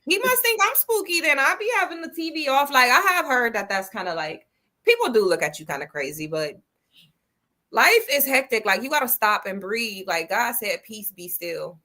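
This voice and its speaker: American woman, podcast co-host: bright, forward tone; loose, joking, profane banter. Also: a little high, very animated, normal speed. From United States. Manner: playful, profane, teasing banter. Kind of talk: casual chat.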